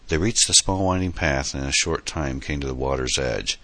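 Very deep-voiced male audiobook narrator. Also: a little fast, a bit bright, no echo. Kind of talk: scripted narration.

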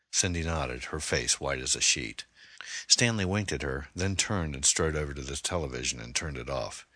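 A man narrating a thriller novel chapter in a measured, deliberate way. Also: extremely low pitch, animated, sharp tone, no room sound. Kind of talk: audiobook narration.

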